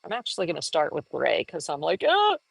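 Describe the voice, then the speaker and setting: A lower-pitched woman talks her way through a live painting lesson in a chatty, upbeat manner, breaking into laughs and sudden high exclamations. Her voice sits close and dry, with no room sound around it. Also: fast, gravelly, slightly rough, no room sound, poor audio. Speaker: art teacher.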